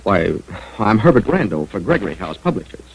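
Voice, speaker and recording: An eager husky young scholar. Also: male voice, fairly low pitch, big pitch swings, fairly quick, heavily acted, rough recording. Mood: curious. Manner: eager, insistent. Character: earnest young male psychic-minded scholar. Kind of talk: 1940s radio acting.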